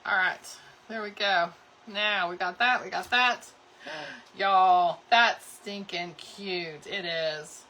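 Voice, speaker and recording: A woman's voice: medium pitch, fairly even intonation, slow, bright, forceful tone, a little hiss or hum. A woman hosting a live crafting tutorial, chatting cheerfully with viewers while she works. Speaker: craft channel host.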